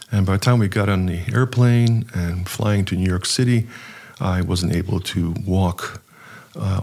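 Low gravelly man telling a story. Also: a little mellow. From United States. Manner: earnest, halting with many uhs. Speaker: archpriest guest. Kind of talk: personal storytelling.

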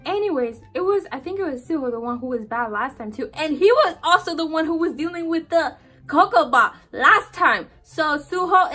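A young woman reacting to a music video in excited casual commentary, gushing and squealing with drawn-out exclamations. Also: sits high.

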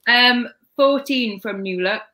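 A woman's voice: fairly high pitch, takes it slowly, pushed and bright. Woman trading dry quips as co-host. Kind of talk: casual live chat.

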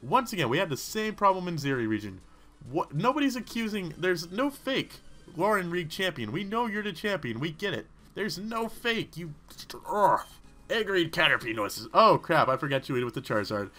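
A man giving rambling, excitable gaming commentary, talking back to the characters on screen. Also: high-pitched, normal speed. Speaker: let's play host.

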